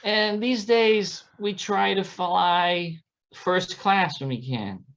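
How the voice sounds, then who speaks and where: A man who is a guest on a panel chat, telling relaxed stories in an easygoing way. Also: sits high, slow pace, lo-fi sound. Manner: easygoing storyteller.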